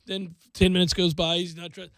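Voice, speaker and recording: A middle-aged man hosting a sports radio show, telling animated stories about his kids and acting out scoldings. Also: high voice, moderate pace, no room sound. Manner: animated storytelling, acts out scolding his kid. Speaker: radio host. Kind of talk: casual radio chat. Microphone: studio microphone, dry.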